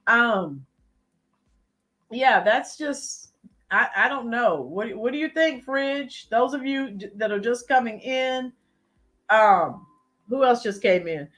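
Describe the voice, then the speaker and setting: A woman's voice: fairly high pitch, expressive, takes it slowly, fairly bright tone, soft background music. A woman hosting a live-stream, giving emphatic political commentary and talking to chat viewers by name. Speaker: channel host.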